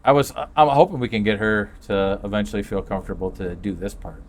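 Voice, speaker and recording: Lower-voiced man telling animated stories. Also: quick pace. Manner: animated storyteller, laughs often. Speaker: podcast co-host. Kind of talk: casual chat. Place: backyard, outdoors. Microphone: phone livestream.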